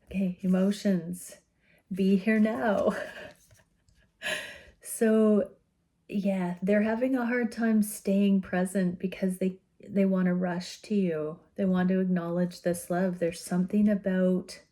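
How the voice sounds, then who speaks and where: A woman giving an intuitive tarot reading, speaking in a gentle, soothing and earnest way with soft laughs. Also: medium pitch, steady tone. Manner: slow, gentle and soothing, often laughing softly; earnest and openly emotional. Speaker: tarot reader.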